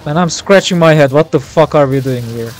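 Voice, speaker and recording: A young man streaming a war game live, reacting loudly, swearing and yelling at his teammates. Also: fairly high pitch, a little fast, slight background noise. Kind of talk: live gameplay commentary.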